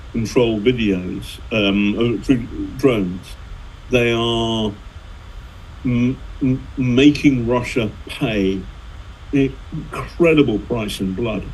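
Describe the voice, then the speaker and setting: A man's voice: mid-range voice, darkish tone, slight background noise, poor audio. A middle-aged man, a journalist and author, telling anecdotes in a rambling way, full of fillers and restarts. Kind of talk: conversational storytelling.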